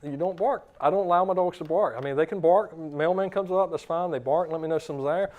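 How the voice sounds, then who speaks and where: A man in his thirties, a dog trainer, giving a seminar talk and acting out commands and dogs' thoughts. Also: fairly high pitch. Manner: forceful, acts out commands and dog thoughts in quick voices.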